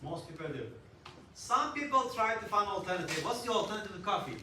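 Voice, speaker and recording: A man lecturing a university class in an animated way, putting questions to students and joking. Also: high-pitched, a little fast, distant mic. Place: lecture hall. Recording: echoey hall, voice from afar, faint noise.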